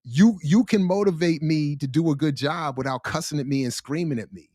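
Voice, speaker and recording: A man hosting a casual livestream chat, animated and slangy, laughing often. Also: on the high side, brisk, no room sound, studio quality. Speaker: host.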